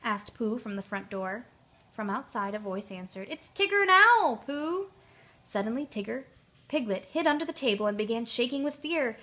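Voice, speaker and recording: A woman storyteller reading a children's storybook aloud, clear and expressive. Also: mid-range voice, normal speed.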